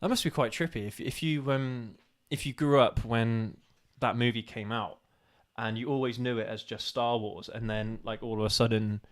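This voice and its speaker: A man's voice: mid-range voice, fairly even intonation, moderate pace, hardly any pauses. A man co-hosting a casual live stream, laughing often and coaxing his partner along.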